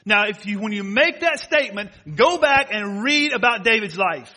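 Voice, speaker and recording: A middle-aged man preaching a sermon as pastor, swinging from hushed moments to loud ones and quizzing the congregation with questions. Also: high voice, lively intonation, moderate pace, hardly any pauses.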